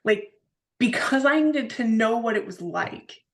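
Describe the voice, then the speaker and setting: A woman's voice: a little high, expressive, a little slow. A woman co-hosting a podcast in casual chat, earnest and searching for her words. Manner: earnest, searching, many restarts with "like". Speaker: co-host.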